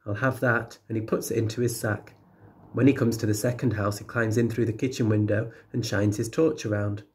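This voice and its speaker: A man, a teacher, reading a children's picture book aloud with steady, clear storytelling. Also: fairly low pitch, fairly quick.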